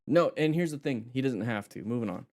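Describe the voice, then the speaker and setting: A man's voice: medium pitch, fairly quick, slight background noise. Breathless man teaching a live riding class. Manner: energetic, talks to viewers directly. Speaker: motorcycle riding instructor.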